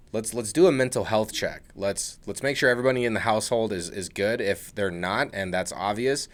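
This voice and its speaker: A man with a fairly low voice hosts a podcast in a relaxed, conversational way. He speaks earnestly and often repeats his opening words before he gets into a sentence. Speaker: podcast host. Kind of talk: casual podcast chat. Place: podcast studio at a table.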